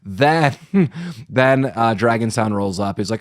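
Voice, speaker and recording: A man's voice: lowish voice, expressive, measured pace, dry recording, clean studio sound. A man co-hosting a casual podcast chat, joking around and laughing often. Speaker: podcast co-host.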